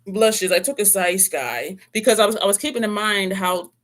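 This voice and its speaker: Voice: mid-range voice, moderate pace, fairly bright tone. A beauty vlogger chatting casually through a makeup rundown, rambling, correcting themselves and tossing in playful asides. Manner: laughs now and then, playful asides. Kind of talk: casual makeup review chat.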